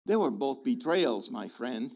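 A man preaching a sermon in an animated way, swinging between loud emphasis and quiet asides, with playful remarks along the way. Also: mid-range voice, a little slow.

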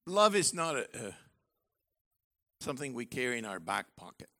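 A man preaching a sermon in an animated, joking way, acting out little voices as he goes. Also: mid-range voice, normal speed. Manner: animated, jokey, acts out voices. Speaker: university professor.

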